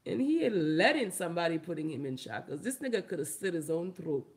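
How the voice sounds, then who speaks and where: A woman from Haiti, a vlogger and comedian, ranting loudly and emphatically with a lot of laughter. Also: sing-song, fairly quick. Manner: loud, emphatic, profane, laughing, big pitch swings. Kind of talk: ranting commentary vlog.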